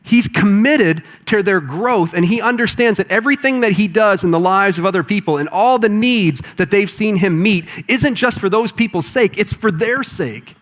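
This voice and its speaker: A man preaching a sermon to a congregation in a conversational, animated way. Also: high-pitched. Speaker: pastor. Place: church auditorium with congregation.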